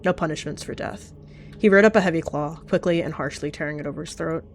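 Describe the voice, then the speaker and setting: A woman's voice: low-pitched, fast talker, faint music behind. A woman giving dramatic, vivid storytelling narration of a game roleplay. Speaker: channel host narrating a roleplay.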